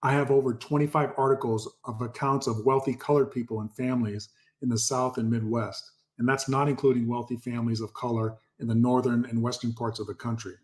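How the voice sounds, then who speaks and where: A man's voice: medium pitch, little pitch movement, brisk, few pauses. A man hosting his own channel, reading passages aloud and commenting on them emphatically. He repeats key words and speaks directly to his viewers. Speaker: channel host.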